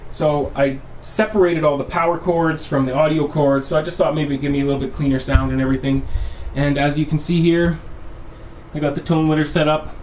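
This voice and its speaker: Recorded on a camera mic in his home theater room, a male channel host chats casually with viewers he calls "guys" and hints at what's next. His voice sits fairly high with little melodic variation, and he talks fairly quickly in a somewhat dark tone over a slight hiss or hum.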